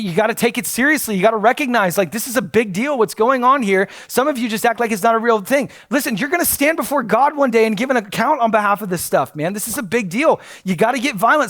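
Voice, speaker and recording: A man's voice: sits high, fairly bright tone, no echo, studio quality. A man preaching a sermon as pastor, earnest and blunt, with frequent fillers and restarts.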